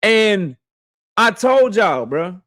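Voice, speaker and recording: A man hosting a boxing livestream, shouting out viewers by name in loose, slangy casual talk. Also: sits high, sing-song, extremely slow, no echo, studio quality.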